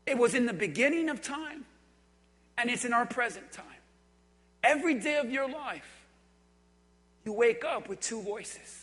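Male preacher, high bright voice, deliberate pace, hall reverb. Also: animated. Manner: emphatic, repetitive, drops to quiet intensity. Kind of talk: sermon. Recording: echoey hall.

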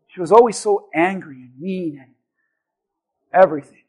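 Very high-voiced man preaching a sermon. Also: normal speed, breathy edge, low-quality recording. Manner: animated, builds from soft storytelling to shouted exhortation. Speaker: pastor. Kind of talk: sermon with personal storytelling.

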